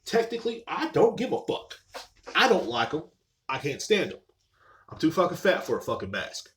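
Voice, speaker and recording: A man's voice: fairly high pitch, big pitch swings, normal speed, a bit bright. A man hosting a podcast from a live stream, ranting casually with lots of swearing and sounding short of breath. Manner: profane, rambling, mocking. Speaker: podcast host. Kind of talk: casual rant. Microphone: live stream mic.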